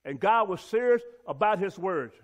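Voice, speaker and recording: A man's voice: sits high, animated, moderate pace, lo-fi sound. A man teaching a Bible lesson and reading scripture aloud, emphatic and repeating key words for stress.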